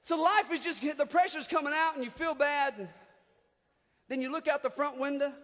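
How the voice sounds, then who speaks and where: A man preaching a comedic sermon as pastor, animated and shouting in bursts. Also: very high-pitched, moderate pace. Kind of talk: comedic sermon with acted outbursts. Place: church hall. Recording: long church hall reverb.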